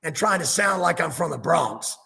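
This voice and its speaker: Gravelly, animated man ranting about football. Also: a little high, moderate pace, big-room sound. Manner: ranting, sarcastic. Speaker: sports talk co-host. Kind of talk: casual sports talk.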